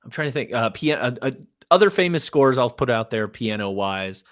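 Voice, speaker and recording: A man's voice: medium pitch, animated, moderate pace, fairly bright tone, no echo, clean studio sound. A man co-hosting a casual movie podcast, rambling, often trailing off mid-sentence and laughing. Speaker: podcast co-host.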